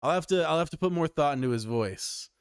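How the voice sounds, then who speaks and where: A man's voice: a little high, lively intonation, brisk, clean tone, dry recording, studio quality. A young Canadian man giving casual, profane commentary over a video game, laughing often and rambling. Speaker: let's play host. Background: game music.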